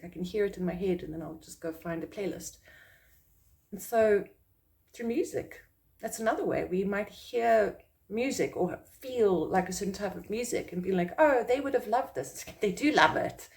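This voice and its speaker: A chatty woman from South Africa talks to camera about her work as a psychic medium, in a middle-pitched voice. She rambles a little with fillers and restarts, and jumps higher whenever she acts out someone else's surprised reaction. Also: normal speed, creaky, a little mellow. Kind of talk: casual talking-to-camera vlog.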